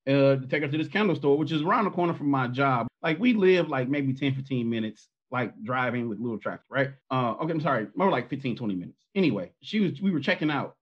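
A man guesting on his sister's podcast who tells rambling, animated stories and laughs as he talks. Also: medium pitch, quick pace, few pauses, breathy edge, muffled recording. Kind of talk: casual storytelling.

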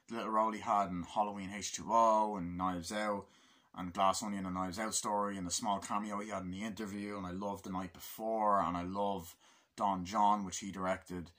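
A man with a low, husky voice talks through a film in a loose, casual review. He rambles, swears often, and slips into quick voices to act out scenes. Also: fairly bright tone. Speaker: movie reviewer. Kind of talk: casual spoken movie review.

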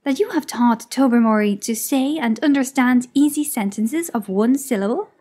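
A woman's voice: a little high, moderate pace, dark tone, natural voice. A woman voicing a prim society lady who asks doubtful questions in a read-aloud story.

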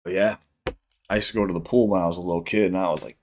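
A young man from Chicago with a Chicago accent, chatting casually on a livestream while high, rambling and swearing often. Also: fast talker, pauses often, fairly bright tone. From South Side of Chicago. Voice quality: rambling, profane, repeats himself. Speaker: streamer.

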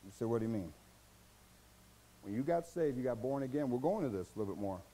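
Male pastor, American accent, mellow lively-pitched preaching voice, folksy and exhorting. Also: racing, slight background noise, rough recording. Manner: folksy, exhorting, rhetorical questions and mimicked voices. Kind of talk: sermon.

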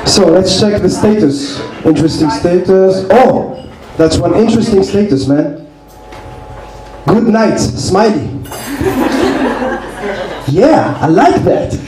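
A man performing a stand-up comedy set, with deadpan asides, on a club stage with a handheld mic and the audience laughing behind him. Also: high-pitched, takes it slowly, long pauses, a loud crowd. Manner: deadpan, reads messages aloud with playful asides. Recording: echoey club with noise.

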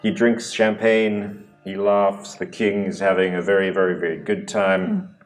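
A man's voice: low-pitched, flat delivery, unhurried, soft background music. A man narrating as dungeon master in a loose, rambling way with many fillers. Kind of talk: narrating a tabletop game.

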